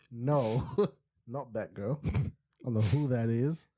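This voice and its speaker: A man co-hosting a pop culture podcast, telling stories in a casual, slangy and animated way. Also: mid-range voice. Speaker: podcast co-host. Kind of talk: casual chat.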